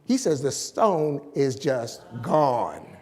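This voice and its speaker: A man preaching a sermon as pastor, slowly and emphatically, stretching out key words. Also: mid-range voice, big pitch swings, darkish tone, in a large hall.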